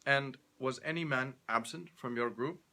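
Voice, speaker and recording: A man voicing a shrewd, commanding Italian investigator who questions in a measured way. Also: mid-range voice, bright, forceful tone, pitched above the performer's own voice. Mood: probing.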